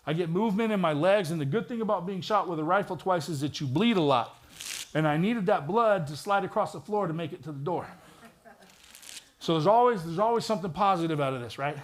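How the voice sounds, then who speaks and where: Retired cop guy telling his story at church, kinda high voice, dramatic w/ dry jokes. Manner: vivid, dramatic retelling with wry humor. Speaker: retired police detective. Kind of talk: personal testimony storytelling.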